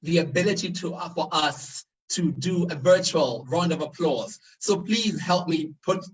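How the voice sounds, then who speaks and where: A man's voice: fairly high pitch, unhurried, slightly rough, recorded from a distance, poor audio. A man working as MC of a virtual conference, upbeat and playful, speaking over an online call. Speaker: virtual event MC. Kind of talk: conference hosting.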